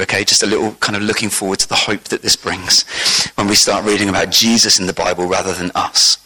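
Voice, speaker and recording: A man delivers a sermon with a bright, forceful voice. He preaches in an animated way, climbing in pitch and volume to drive points home and putting questions to the congregation. His voice sits in an ordinary middle register for a man. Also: rough recording.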